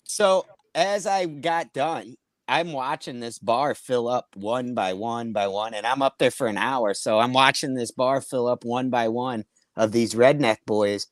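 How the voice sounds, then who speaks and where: A man's voice: medium pitch, measured pace, dry recording. A man, a comedian, telling a rambling, profane story in casual chat and acting out the voices of the people in it.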